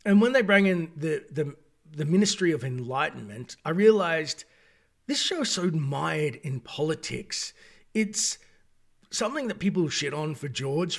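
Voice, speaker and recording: Animated Australian man reviewing a show. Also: a little high, creaky. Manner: animated, digressive, acts out quoted voices. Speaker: video reviewer. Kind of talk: casual opinionated review.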